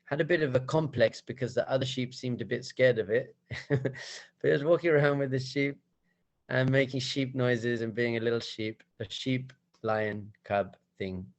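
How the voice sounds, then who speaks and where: A man serving as a rabbi, telling a playful, animated story as part of a spiritual talk to a group. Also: mid-range voice, normal speed, low-quality recording.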